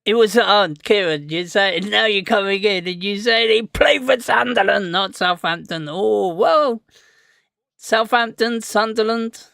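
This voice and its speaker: A man's voice: high voice, normal speed, vocal fry, hardly any pauses, sharp tone, dry recording, clean studio sound. Rambling man on a football stream. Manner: rambling, chatty, answers viewers in chat. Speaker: streamer hosting a football watch-along. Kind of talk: casual live watch-along chat.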